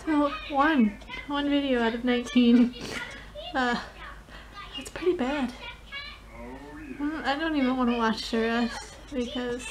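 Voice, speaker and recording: A high-voiced woman speaks slowly through tears, her words halting and choked as she laughs at herself. She sounds close to crying. Music plays clearly behind her. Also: fairly even intonation. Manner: self-deprecating, halting, emotional. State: teary, near crying. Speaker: vlogger. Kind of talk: casual reaction vlog.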